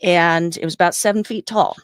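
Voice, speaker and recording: A woman co-hosting a podcast, retelling a story in a rambling, animated way with fillers. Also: lowish voice, fairly quick, dry recording, clean studio sound. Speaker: podcast co-host. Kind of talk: casual storytelling chat.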